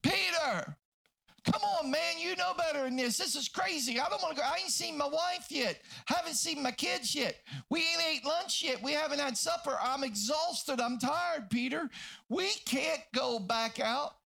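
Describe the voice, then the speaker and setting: A man's voice: very high voice, normal speed, creaky, pushed and bright, pitched above the performer's own voice, exaggerated voice. A man voicing a weary adult fisherman who pleads and complains in a raised, strained voice. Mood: pleading.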